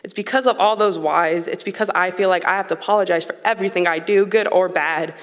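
A high school slam poet, a young woman in her late teens, performs a spoken word poem on a concert hall stage with earnest, emotionally raw delivery. Her lowish voice moves fast with fairly even intonation, and the hall adds a long reverb.

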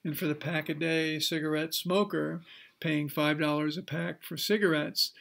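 Gravelly-voiced man giving a counseling lecture. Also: a little high, a bit bright. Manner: measured teaching voice with occasional fillers. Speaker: counselor and workshop presenter. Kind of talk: recorded workshop lecture.

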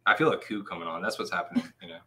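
A man's voice: deep voice, fairly even intonation, very fast, pushed and bright, faint music behind. A man co-hosting a casual live-stream chat, telling stories animatedly and laughing often. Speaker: co-host.

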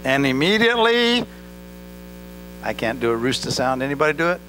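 A pastor with an accent preaching a sermon in church, talking directly to the congregation and asking them questions. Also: male voice, medium pitch, big pitch swings, brisk. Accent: non-native English accent. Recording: faint mains hum. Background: mains hum.

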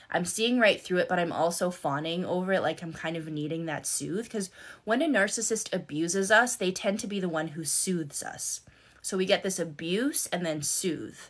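A woman's voice: on the low side, expressive, normal speed, a bit bright. A middle-aged woman telling her own story on a live stream, candid, swearing freely and repeating words for emphasis. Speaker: life coach and content creator on a live stream.

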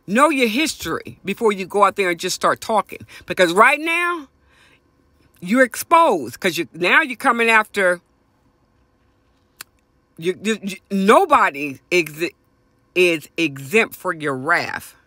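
Guy ranting on his podcast, fired up and cursing, bright sharp voice, dry close sound. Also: expressive, unhurried, long pauses, no echo. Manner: profane, passionate, repeats phrases for emphasis; swings from high exclamations to low mutters. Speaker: podcast host. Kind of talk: ranting opinion monologue.

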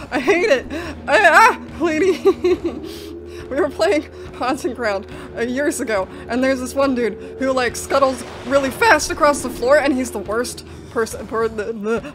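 High-voiced woman, panicked horror gameplay commentary. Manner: panicky, jittery, breaks into nervous laughs. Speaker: gaming video host. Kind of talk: horror game let's play commentary. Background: game music.

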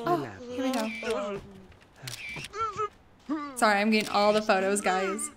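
A young woman casually commenting on a life-sim game as she plays, chatty and excitable, often laughing and squealing. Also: medium pitch, slow, pauses often, crowd noise. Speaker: let's play host.

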